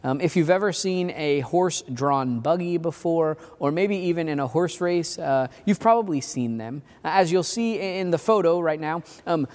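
A man preaching a sermon as pastor, in a relaxed, chatty way full of casual asides. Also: fairly high pitch, moderate pace, hardly any pauses, in a large hall. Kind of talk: conversational sermon.

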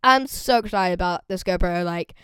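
A teenage girl chatting casually on a podcast, rambling and excitable, with a voice that cracks. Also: fairly low pitch, normal speed, smooth, no room sound. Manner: rambling and excitable, lots of fillers. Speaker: vlogger.

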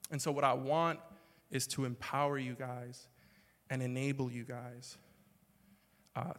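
A man preaching as a pastor. He talks in a conversational, joking way and breaks into loud, emphatic bursts. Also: mid-range voice. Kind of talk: sermon. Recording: long hall reverb.

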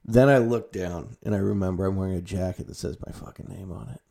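Relaxed, low-voiced guy rambling casually. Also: quick pace, vocal fry, hardly any pauses. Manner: loose and profane, trailing off quietly at ends of phrases; gets loud and high when retelling his own panicked reactions. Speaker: vlogger.

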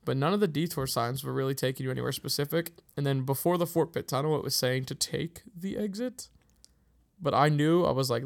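A man's voice: mid-range voice, a little fast, gravelly. A young man from Pittsburgh with a slight local accent, co-hosting a casual chat and telling stories with frequent laughs. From Pittsburgh, USA. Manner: chatty storyteller, laughs often. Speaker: podcast co-host.

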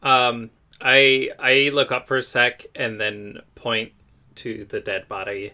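A man's voice: mid-range voice, level tone, slow, sharp tone. A man playing in a tabletop game, brash and dismissive in character. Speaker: player.

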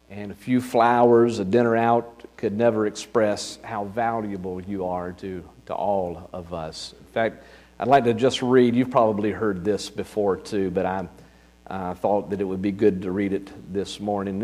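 A man preaching as a pastor to a church congregation, leading prayer in a measured way with frequent pauses. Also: on the low side, a little mellow, big-room sound. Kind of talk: sermon and prayer.

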